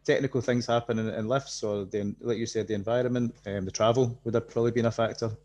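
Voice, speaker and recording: A man's voice: medium pitch, fairly even intonation, quick pace, darkish tone, lo-fi sound. A man hosting a podcast, asking long supportive questions with many restarts. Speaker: podcast host. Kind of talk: interview questions.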